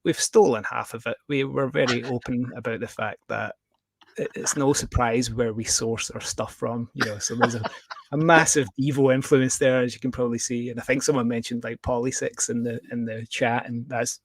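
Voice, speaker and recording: A Scottish man joins a video call as a guest, joking in a dry, understated way. His voice sits at a middling pitch, and the sound is close and dry. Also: steady tone, moderate pace, no room sound. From Scotland. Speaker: guest musician. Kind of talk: casual chat.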